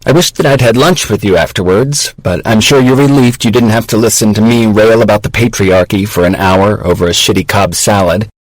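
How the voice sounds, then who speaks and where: A man voicing a wry, candid woman professor in her thirties, reading her confessional, self-mocking messages in a low, dry voice. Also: brisk, few pauses, no echo, close to an everyday voice, poor audio. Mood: wry, confiding.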